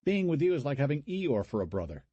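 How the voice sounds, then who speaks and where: A man's voice: medium pitch, sing-song, fast talker, dark tone, slightly rough, no echo, highs cut off, voice pushed up. A man voicing a teasing, wisecracking younger brother in an audiobook. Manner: wisecracking, needling.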